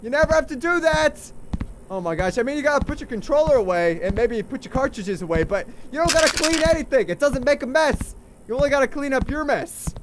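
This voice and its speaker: A young man with a high, light voice narrates his horror game playthrough with sarcastic, jittery play-by-play. A clear noise hiss sits under his home recording. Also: lively intonation, a little fast. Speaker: gaming channel host. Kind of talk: let's play commentary.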